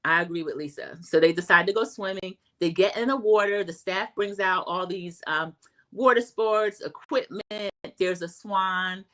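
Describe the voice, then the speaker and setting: A woman's voice: medium pitch, moderate pace, fairly bright tone, rough recording. Chatty middle-aged woman recapping TV. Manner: chatty, retells scenes and acts out quoted lines. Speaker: host of a reality TV recap livestream. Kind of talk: casual opinionated recap. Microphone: home streaming setup.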